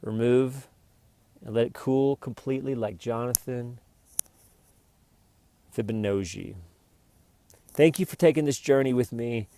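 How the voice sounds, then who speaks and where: A man's voice: medium pitch, a little slow, long pauses, mellow. A man hosting his own vlog, talking in a rambling, jokey, meandering way. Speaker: vlogger.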